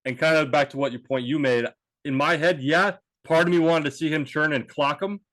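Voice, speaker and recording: A man's voice: fairly high pitch, brisk, a bit bright, no echo. A man co-hosting a podcast, telling a story in a rambling, casual way with restarts and swearing. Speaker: podcast co-host. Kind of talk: casual chat.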